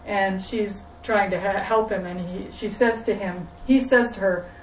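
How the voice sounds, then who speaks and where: A woman's voice: medium pitch, steady tone, measured pace, roomy sound, far from the mic, muffled recording, a little hiss or hum. A woman retelling a film to a group in a rambling, self-correcting way. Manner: rambling, restarting.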